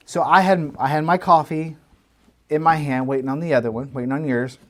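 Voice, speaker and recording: A man, co-hosting a podcast and telling a long story in a casual, animated way with lots of restarts. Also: a little high, normal speed. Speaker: podcast co-host. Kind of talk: casual chat.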